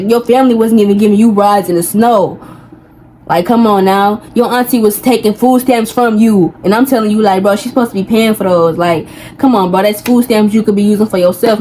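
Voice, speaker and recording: A young woman vents through a personal story, heated and loose, with slang and side tangents. Her voice sits in a middle pitch, and a faint hiss runs underneath. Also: mellow, rough recording. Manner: heated, venting, heavy slang, rambling asides. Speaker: vlogger. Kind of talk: casual storytime rant.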